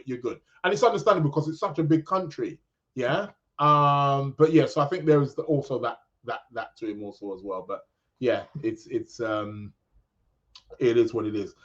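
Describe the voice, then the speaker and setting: A man from England with a British accent, hosting a podcast in a casual, rambling live chat full of restarts. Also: medium pitch. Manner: rambling, many restarts, chatty. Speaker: podcast host. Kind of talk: casual live-stream chat reading comments. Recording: dull lo-fi sound.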